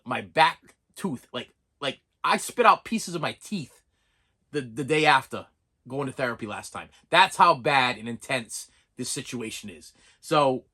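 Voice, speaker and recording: A middle-aged channel host, his voice a little high, pushed and bright, speaks candidly to camera. In this vlog monologue he rambles and vents, restarting often and dropping dry jokes.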